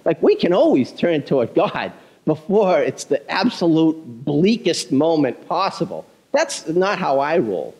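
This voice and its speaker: This male pastor, fairly high-pitched and measured in pace, shares a story during a self-deprecating, conversational sermon. His delivery is animated, though the audio quality is poor.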